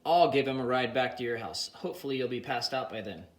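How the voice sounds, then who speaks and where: A man voicing an exasperated, sharp-tongued young woman who scolds in a raised voice, in an audiobook reading. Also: medium pitch, fast talker, natural voice. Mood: scolding.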